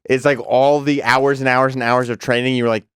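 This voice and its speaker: A man's voice: medium pitch, little pitch movement, a little fast, a bit bright, clean tone, no room sound, clean studio sound. A man co-hosting a talk show, asking questions and teasing in casual chat.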